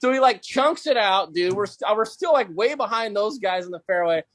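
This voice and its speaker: A man's voice: sits high, expressive, normal speed, a bit bright, no echo. A man who plays golf professionally, telling a story as a podcast guest in a laid-back, casual way, full of "dude" and "bro". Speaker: podcast guest, pro golfer.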